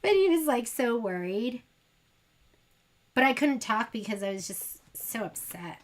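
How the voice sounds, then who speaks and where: A woman's voice: fairly high pitch, unhurried. A woman hosting a sewing livestream, chatting casually and rambling to her viewers as she works. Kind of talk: casual chat while sewing.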